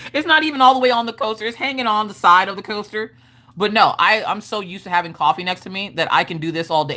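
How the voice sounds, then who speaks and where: Woman streamer rambling stories, low voice but bright edge, cusses and laughs a lot. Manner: animated, swears casually, laughs often. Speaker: livestream host. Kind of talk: casual chat storytelling.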